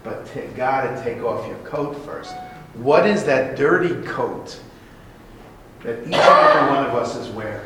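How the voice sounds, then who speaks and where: A man giving a sermon as a religious teacher, telling a parable in an animated, conversational way. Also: mid-range voice, moderate pace. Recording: very echoey room, faint noise.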